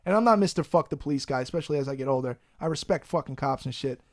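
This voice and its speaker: New dude on a podcast, swearing a lot, kinda high voice, dry close sound. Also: male voice, rapid-fire, dry recording. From Long Island, New York. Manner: profane, animated storyteller. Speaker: podcast host. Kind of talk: casual storytelling.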